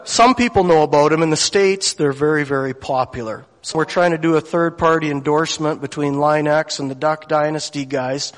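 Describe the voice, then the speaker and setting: There's long hall reverb as this man, whose voice is fairly high and fairly bright, shares a faith story with a gathering in sermon form. At times he becomes tearful, and he acts out the voices of the characters.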